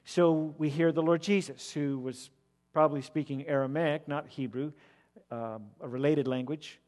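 A man preaching an expository sermon, emphatic and rising to loud declamation when he repeats words. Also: fairly high pitch, fairly even intonation, moderate pace. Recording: long reverb of a large hall.

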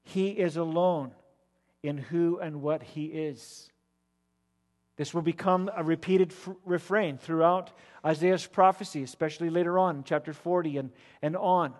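A man preaching an expository sermon, emphatic and rising to loud declamation when he repeats words. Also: fairly high pitch, fairly even intonation, measured pace. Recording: long reverb of a large hall.

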